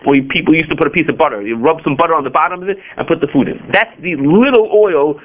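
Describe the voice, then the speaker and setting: A man teaching a class on Jewish law, animated and rhetorical, often asking questions and answering them himself. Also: fairly high pitch, fast, narrow, tinny audio. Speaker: Torah teacher. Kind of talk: halacha class.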